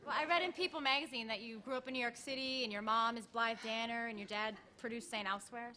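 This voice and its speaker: A woman playing a nosy, gossipy fan who rattles off questions at a celebrity, fast and bright, a little off from the mic. her voice sits slightly high in this sketch scene. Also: steady tone. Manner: eager, gossipy.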